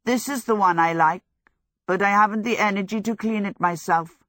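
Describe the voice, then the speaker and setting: A vain young wizard with a heavy cold, croaking and playing for sympathy in a higher, louder voice than the reader's own, as a woman reads him aloud. Every line is theatrical and sorry for itself. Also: normal speed, dry recording, lightly acted. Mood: self-pitying. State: hoarse with a cold.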